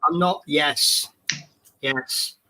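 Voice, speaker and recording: A man's voice: fairly high pitch, drawn-out words, bright, forceful tone. A man co-hosting a live stream, chatting casually and going off on tangents. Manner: chatty, goes off on film tangents. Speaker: co-host.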